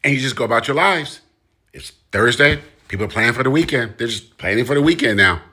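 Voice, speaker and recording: Expressive and brisk, this male commentator speaks in a mid-range voice with a sharp tone and a breathy edge. He delivers an impassioned monologue straight to his listeners, using repetition to hammer his points.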